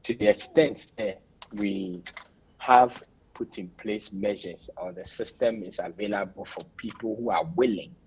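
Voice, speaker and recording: Ghanaian man, very deep husky voice, measured explanations, radio guest, dull lo-fi audio. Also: darkish tone. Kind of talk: radio interview answers.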